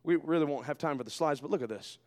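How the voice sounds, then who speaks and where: A man preaching a sermon as pastor in a church, swinging between quiet asides and shouted fervor. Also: a little high, quick pace. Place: church sanctuary. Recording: long hall reverb.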